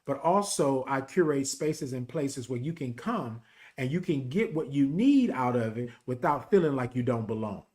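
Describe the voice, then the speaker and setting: A man's voice: mid-range voice, lively intonation, normal speed, a little mellow. A man from Texas with a country twang, hosting a casual, emphatic talk show and speaking straight to his listeners in a folksy way. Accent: Texan, country. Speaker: podcast host and HIV advocate. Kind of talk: casual direct-to-audience talk.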